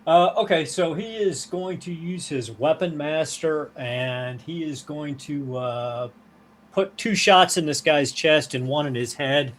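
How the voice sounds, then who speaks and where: A man playing a tabletop horror game, describing his character's actions and pausing to think. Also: on the high side. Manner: hesitant, thinking aloud. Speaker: player. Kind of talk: casual tabletop game play.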